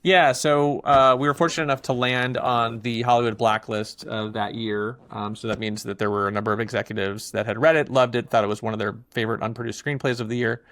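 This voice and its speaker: Male guest, mid-pitched, chatty and animated, dry close recording. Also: brisk, few pauses, no room sound. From not from England. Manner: animated storyteller, many fillers. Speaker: filmmaker guest. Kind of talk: casual interview talk.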